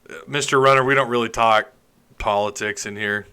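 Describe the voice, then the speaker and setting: A man's voice: on the low side, steady tone, a little fast, bright, forceful tone, clean tone. A man hosting a live stream, chatting casually, reading comments and joking sarcastically.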